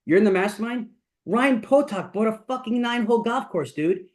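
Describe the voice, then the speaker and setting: Here the mastermind host, a middle-aged man, talks a little fast with lively intonation in a high voice. He gives a blunt motivational speech full of profanity, returning again and again to familiar catchphrases.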